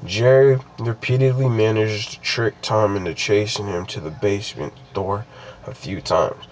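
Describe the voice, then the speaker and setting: A man's voice: on the low side, fairly even intonation, moderate pace, a little mellow, a little hiss or hum, low-quality recording. A young man casually reading a creepypasta aloud, stopping often to ramble and restart his sentences with lots of fillers. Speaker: creepypasta reader.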